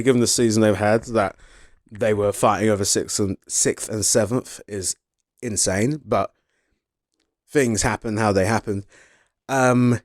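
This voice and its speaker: Male vlogger, casual motorsport commentary, mid pitch, dry close-miked sound. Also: no echo. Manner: chatty, self-deprecating, trips over words. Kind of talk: casual opinion vlog.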